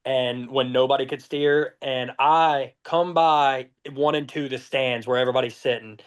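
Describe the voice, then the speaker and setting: Man, young adult, mid-pitched voice, cussing casually, acts out dialogue in his anecdotes. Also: normal speed, clean tone. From Georgia, USA. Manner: profane, lively anecdotes with acted-out dialogue. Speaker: podcast guest, race car driver. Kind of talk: casual storytelling.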